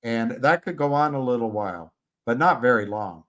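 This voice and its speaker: A man hosting a live stream, giving halting, casual commentary on stock charts and talking to his viewers by name. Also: medium pitch, animated, fairly bright tone. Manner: halting, restarts mid-phrase, talks to viewers by name.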